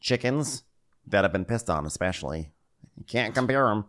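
A man voicing a gruff older boat captain with a drawling, folksy manner. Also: lowish voice, animated, normal speed, fairly bright tone. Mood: musing.

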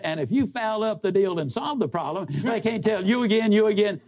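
High-voiced, emphatic motivational speaker man. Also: animated, fairly quick, few pauses. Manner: folksy, emphatic, big swings in pitch. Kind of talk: motivational speech, storytelling.

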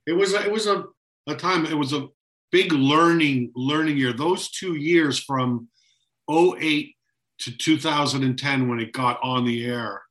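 A man casually reminiscing about working on a TV show, telling lively and detailed stories. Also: on the high side, a little slow, rough recording. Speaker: co-worker on the show.

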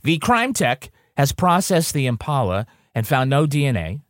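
A man's voice: medium pitch, sing-song, moderate pace, no echo. A man co-hosting a podcast, recapping a TV episode with dry, sarcastic plot summaries. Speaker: podcast co-host. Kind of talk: casual chat recapping a TV episode.

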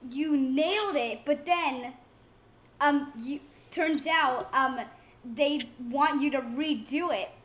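Slow, bright-voiced woman co-host. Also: high voice. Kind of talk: casual interview talk.

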